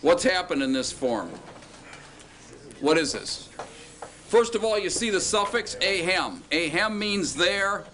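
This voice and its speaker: A man's voice: sits high, lively intonation, slow pace, pauses often, sharp tone, a little hiss or hum. A man teaching a classroom lecture, patiently asking students questions and drawing out words as he explains.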